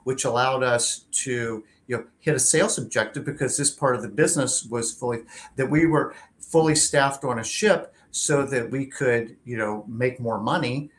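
A man hosting a career show, chatting casually, telling anecdotes and filling pauses with "like" and "you know". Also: medium pitch. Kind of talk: casual interview chat.

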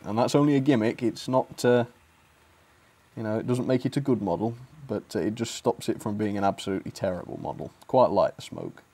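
A man's voice: lowish voice, brisk, mellow, breathy edge. Chatty British man reviewing model trains. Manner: chatty, laughs often, blunt opinions. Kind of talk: casual video review.

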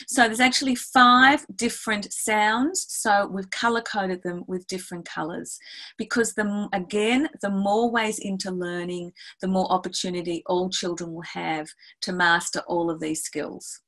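A woman's voice: mid-range voice, steady tone, normal speed, bright, forceful tone, poor audio. A middle-aged woman, a music educator, explaining classroom activities step by step in a webinar and acting out her exchanges with the class. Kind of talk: webinar teaching talk.

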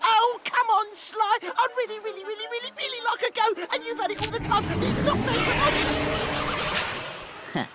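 A woman voicing a whiny, grumpy little male goblin who pleads and whines in a cartoon, with loud music underneath. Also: high-pitched, sing-song, takes it slowly, a loud crowd, full character voice. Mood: whining. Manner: whining, pleading. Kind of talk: cartoon voice acting.

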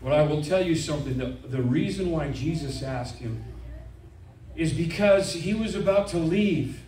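High-voiced preacher echoing through a church. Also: male voice, moderate pace, distant mic, slight background noise. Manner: animated, with stammering restarts and "amen"s. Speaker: evangelist preacher. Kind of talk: sermon. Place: church sanctuary. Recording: echoey church, voice from afar.

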